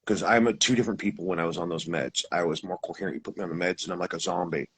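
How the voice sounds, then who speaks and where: A man with a husky voice, telling his experience in a casual, rambling way, with restarts and acted-out quotes. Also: deep voice, very fast, a little hiss or hum, rough recording. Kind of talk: casual storytelling.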